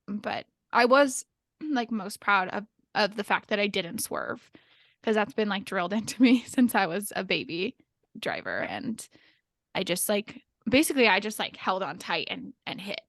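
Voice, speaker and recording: On a podcast, a young adult woman chats casually, telling a story full of filler words and nervous laughs. Her medium-pitched voice is sing-song and a bit bright, at a moderate pace, and the audio is studio quality with no echo.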